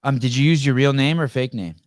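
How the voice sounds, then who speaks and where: A man's voice: medium pitch, fast, dry recording, studio quality. A man hosting a live podcast over a video call, talking bluntly and joking with a lot of profanity. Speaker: podcast host.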